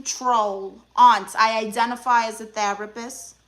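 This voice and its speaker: In an unhurried Brooklyn, New York accent, a young woman streams live as a comedic aunt therapist, sassily teasing viewers as she responds to their comments. Her voice has a sharp edge, sounding bright and a little high.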